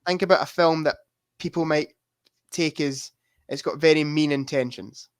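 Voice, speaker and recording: A man's voice: fairly high pitch, moderate pace, clean tone, dry recording, studio quality. A man co-hosting a podcast, quizzing his friend on movies in casual chat and laughing as he gives clues. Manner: laughs while giving clues. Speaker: podcast co-host quizzing a guest.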